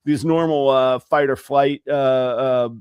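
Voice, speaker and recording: A man co-hosting a podcast, telling stories in an animated, rambling way during casual chat. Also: medium pitch, slow, smooth, dry recording, highs cut off. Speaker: podcast co-host.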